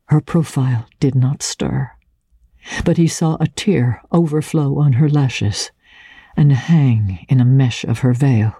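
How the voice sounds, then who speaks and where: A woman giving a measured, deliberate dramatic reading of a classic novel. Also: extremely low pitch, dark tone, husky, no echo. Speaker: reader.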